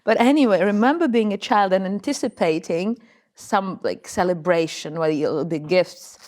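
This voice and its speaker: A woman chatting as a podcast guest, deadpan and darkly joking. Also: on the low side, moderate pace. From Russia. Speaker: guest comedian. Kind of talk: casual podcast chat.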